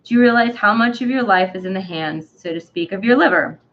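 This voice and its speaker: A woman hosting a live book club, reading aloud haltingly, stumbling over long words with many ums and uhs. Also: medium pitch, muffled recording.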